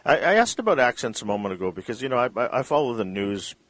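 A man's voice: mid-range voice, big pitch swings, fast, fairly bright tone, dry recording. A man hosting an interview, asking questions with frequent restarts and repeated words. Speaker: interviewer host. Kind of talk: interview conversation.

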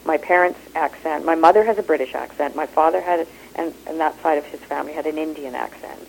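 Woman, Canadian accent, low voice, animated and expressive, interview chat, phone-line sound. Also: fast, gravelly, a little hiss or hum. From Kenya. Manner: animated, expressive, laughs easily. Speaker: actor and improv teacher. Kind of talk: interview conversation.

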